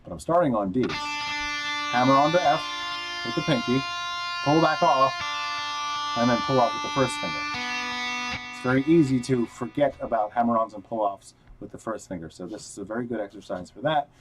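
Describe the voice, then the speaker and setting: Moderately paced and pausing often, a man with a medium-pitched voice teaches guitar in a casual livestream, explaining step by step and counting notes aloud while he plays. The recording is low quality; he uses headphones and a wired mic, with guitar playing in the background.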